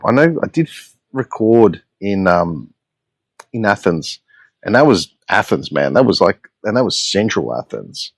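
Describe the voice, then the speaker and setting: A man's voice: lowish voice, no echo. An Australian man hosting a solo podcast, telling stories in a blunt, profane, exasperated way. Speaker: podcast host.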